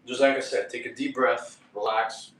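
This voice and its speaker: A man live-streaming to his chat, excitable and out of breath between handstand attempts, talking casually at home. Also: medium pitch, normal speed, far from the mic. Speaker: fitness streamer. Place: indoor room upstairs at home. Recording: echoey room with faint ambient noise.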